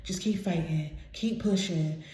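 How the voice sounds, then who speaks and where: A woman's voice: lowish voice, measured pace, mellow. A woman giving a casual tarot reading to her viewers, emotional and blunt, swearing freely. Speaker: tarot reader. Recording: very echoey room.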